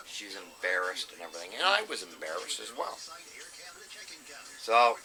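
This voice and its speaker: Blunt man with a deep voice. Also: big pitch swings, moderate pace, long pauses, a crowd in the background, low-quality recording. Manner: blunt, salty, swears freely. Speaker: plumber telling a work story. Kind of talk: casual storytelling.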